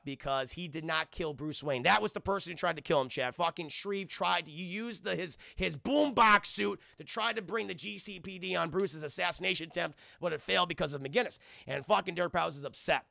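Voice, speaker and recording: A man's voice: on the high side, gravelly, pushed and bright, dry recording, studio quality. A man giving a casual livestream recap of a cartoon, rambling and profane, constantly addressing his chat. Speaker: streamer and cartoon reviewer.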